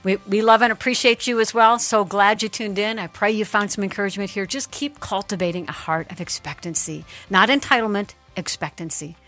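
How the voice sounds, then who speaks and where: A middle-aged woman hosting a faith talk show, telling a story in a lively, expressive way. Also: mid-range voice, brisk, few pauses, faint music behind. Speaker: host.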